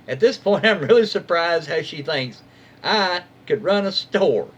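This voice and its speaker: Animated man reading internet stories. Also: a little high, a little slow, breathy edge. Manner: chatty asides, reacts to what he reads. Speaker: reddit story reader. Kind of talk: casual story reading.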